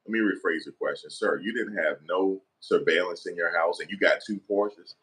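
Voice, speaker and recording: A man's voice: low-pitched, normal speed, fairly bright tone, slightly rough. A man playing a fired-up male defense lawyer in a comedic role-play, incredulous and pleading, who keeps rephrasing his questions. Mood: apologetic.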